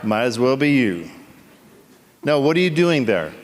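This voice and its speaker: An actor on a convention panel, a man joking and teasing audience members in playful, quick asides. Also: mid-range voice, sing-song, slight background noise. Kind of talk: comedic Q&A banter with the audience. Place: convention hall. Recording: echoey convention hall.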